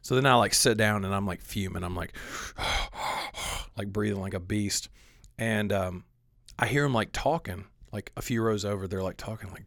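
A young man in loose podcast chat, rambling with constant fillers and casual swearing. His voice sits a little low. The sound is dry and close, with no room in it. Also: normal speed, a bit bright, no echo. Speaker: podcast co-host telling a story. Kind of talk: casual chat, profane storytelling.

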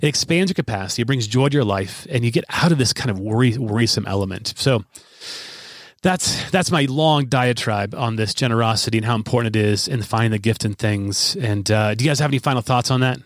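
A man's voice: mid-range voice, fairly quick, dry recording. A man in his thirties hosting a podcast, telling a long story in a rambling, self-deprecating way with many restarts. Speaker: podcast host. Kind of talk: casual podcast chat.

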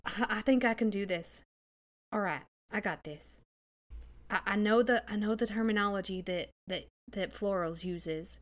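A woman's voice: mid-range voice, normal speed. A woman playing in a tabletop game, nervous and self-doubting. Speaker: player. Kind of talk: casual tabletop role-play.

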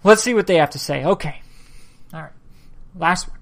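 A man hosting a casual solo podcast, tired and yawning, reading sources aloud haltingly and commenting as he goes. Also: a little high, vocal fry. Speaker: podcast host.

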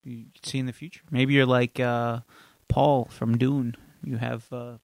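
A man's voice: mid-range voice, little pitch movement, unhurried, vocal fry, dry recording. A man co-hosting a podcast, chatty and joking as he gives his opinions. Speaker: podcast co-host. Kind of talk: casual chat.

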